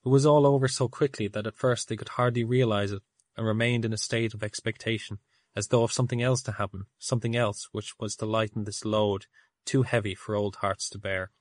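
Guy reading an audiobook, measured, lowish voice, dry close sound. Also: steady tone, dry recording. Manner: measured storytelling. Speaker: narrator.

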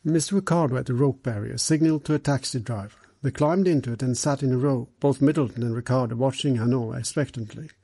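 Husky male audiobook narrator. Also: medium pitch, mellow, dry recording.

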